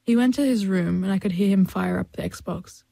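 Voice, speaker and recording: A woman reading a first-person story as an audiobook, in a measured storytelling manner and close to the mic. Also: medium pitch, creaky, warm tone, no echo. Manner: measured storytelling, voicing family and friends in dialogue. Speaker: audiobook narrator.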